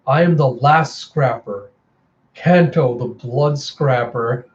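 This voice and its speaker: A man voicing a grim zealot monster hunter in a comic readthrough, proclaiming slowly and solemnly. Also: medium pitch, echoey room, lo-fi sound, lightly acted.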